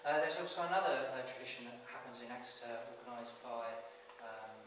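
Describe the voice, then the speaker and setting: A man's voice: medium pitch, a little fast, a bit bright. A man speaks at a live poetry evening, hesitant and self-deprecating, with many fillers and restarts. He sounds distant from the mic in a very echoey hall with a long reverb and faint noise behind him. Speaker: outgoing town bard. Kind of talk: casual live speech. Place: live event venue.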